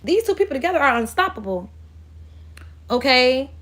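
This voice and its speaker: A woman's voice: high voice, very animated, moderate pace, fairly bright tone. A woman giving a casual astrology reading in a blunt, profane, rambling way, as if channeling spirit messages. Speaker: spiritual reader.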